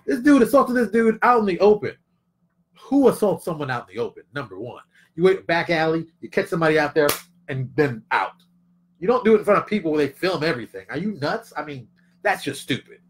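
Man, middle-aged, casual opinion rant, very lively pitch, slightly high voice, emphatic, repeats himself. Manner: animated, emphatic, repeats phrases for effect. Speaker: commentary vlogger.

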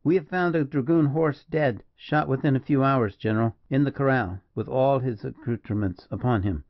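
A man voicing a dragoon soldier giving a brisk, formal report to his general. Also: medium pitch, no echo, highs cut off, close to an everyday voice. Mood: dutiful.

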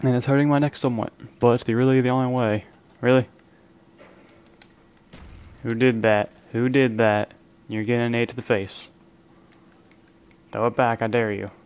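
A young gaming channel host gives live commentary on a round of an online zombie game, relaxed and joking as he counts his kills and ribs the random players beside him. He leans close to his desk microphone so his voice carries over the game. His voice is medium-pitched, clear and resonant, at a moderate pace with long pauses.

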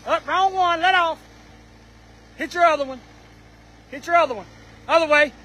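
A man's voice: extremely high pitch, normal speed, pushed and bright. A man talking casually in a vlog outdoors. He calls out short directions and then hawks things for sale in a joking patter. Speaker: vlog host.

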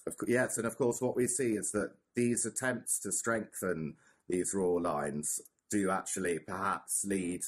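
Husky man chatting about history. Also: low voice, a little slow. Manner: thoughtful, many fillers and restarts. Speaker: podcast co-host. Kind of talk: casual history chat.

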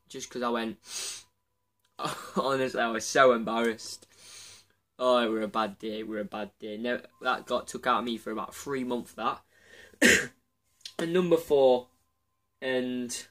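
A man's voice: mid-range voice, pushed and bright. A man with a Yorkshire accent telling embarrassing stories about himself on his channel, rambling and chatty and laughing at himself. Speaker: channel host. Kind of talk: casual confessional storytelling.

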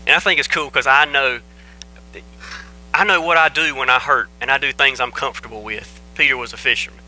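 Forceful, sharp-toned male preacher. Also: medium pitch, fairly even intonation, a little fast, rough recording. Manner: emphatic, repeats phrases for stress. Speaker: pastor. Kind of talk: sermon.

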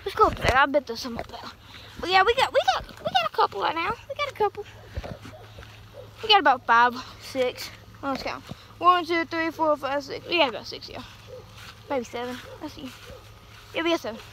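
A high-voiced young woman chats on through a rambling vlog, a little out of breath. She holds the phone in one hand outdoors in a cornfield. Plenty of outdoor noise runs under her voice. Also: very animated, normal speed, long pauses. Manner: chatty, rambling, talks to viewers. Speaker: vlogger. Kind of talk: casual vlog. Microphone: phone held in one hand. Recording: noisy outdoor phone recording.

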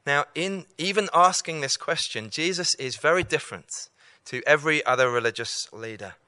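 A man's voice: on the high side, normal speed, sharp tone, no room sound. A man giving an evangelistic talk to students, earnest and repeating key lines for emphasis. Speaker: campus preacher.

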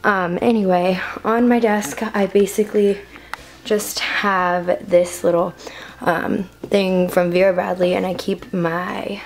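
A woman's voice: medium pitch, steady tone, slow, a little hiss or hum. A teenage girl giving a rambling, filler-heavy room-tour vlog to a handheld camera in her bedroom. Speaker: vlogger.

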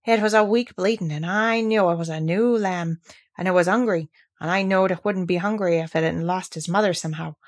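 A woman's voice: fairly low pitch, a little fast, lightly acted. Friendly moorland country boy, easy homely talk, as a woman reader puts him on. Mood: easygoing.

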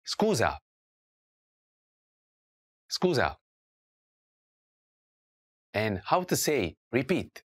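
Slow, lively woman teaching vocabulary. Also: extremely low pitch. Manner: slow, clear drill prompts with repeated words. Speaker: language teacher. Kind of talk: scripted language lesson narration.

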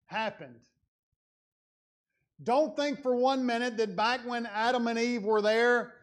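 A man with a notably high voice preaches in a church sanctuary, speaking. His delivery is earnest and conversational, swinging between quiet, confiding asides and loud, emphatic passages. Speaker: lay preacher. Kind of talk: sermon.

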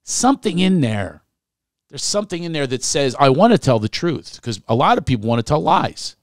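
A man's voice: a little high, very animated, normal speed, no room sound, studio quality. Insistent man hosting a podcast. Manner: insistent, repeats himself, keeps pressing the guest. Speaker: podcast host. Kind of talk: probing interview questions.

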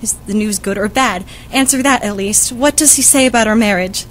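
A woman's voice: medium pitch, brisk, a little hiss or hum, natural voice, poor audio. A woman reading as an eager young girl in love, impatient and pleading, for a school audiobook. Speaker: student reader.

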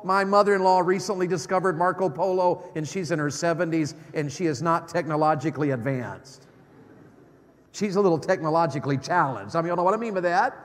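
A middle-aged male evangelist preaching in a church sanctuary with a fairly high voice. He swings between loud, excited bursts and hushed, low asides. Long reverb rings through the hall. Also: a little fast. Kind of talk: sermon.

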